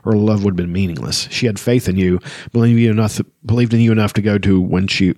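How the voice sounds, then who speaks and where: A proud, bitter elf lord lets his guard down and speaks with quiet earnestness, as a man reads him aloud. The voice sits low and sounds close and dry. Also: steady tone, fast, dry recording, lightly acted. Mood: earnest. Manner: read aloud evenly from a novel.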